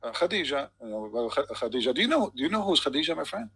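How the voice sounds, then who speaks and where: A man's voice: on the high side, big pitch swings, fast, creaky, pushed and bright, breathy edge, rough recording. A man in a heated online debate who talks insistently and keeps saying "my friend". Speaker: debate host.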